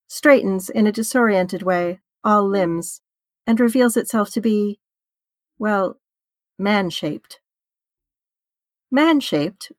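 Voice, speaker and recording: A woman's voice: medium pitch, no room sound. Wry woman reading fan fiction aloud. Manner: wry, conversational storytelling with casual swearing. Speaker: narrator.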